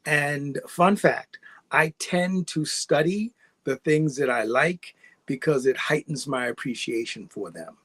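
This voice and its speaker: A man's voice: mid-range voice, dry recording. Rambling middle-aged New York man, storyteller. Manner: relaxed, rambling storyteller who laughs often. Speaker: guest actor. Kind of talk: casual interview storytelling.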